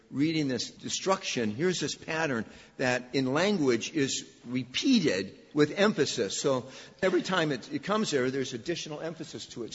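A man's voice: a little high, husky. A man preaching a sermon from the pulpit, emphatic and repetitive for emphasis, with touches of dry humor. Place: church sanctuary. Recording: dull echoey church recording.

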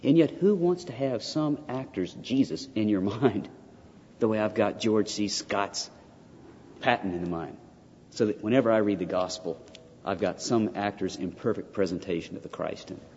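An older man delivers a theology lecture in a fairly low voice, pressing his points with repetition and rhetorical questions. The recording is dull and lo-fi. A long reverb trails behind him, as in a large hall. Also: normal speed, darkish tone, slight background noise. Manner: emphatic, repeats key points, rhetorical questions.

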